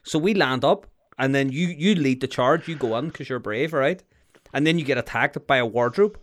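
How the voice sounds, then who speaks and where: A man's voice: mid-range voice, normal speed, a little hiss or hum. A young man, telling rambling, sweary stories in casual banter with a friend. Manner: animated, swearing, rambling storytelling.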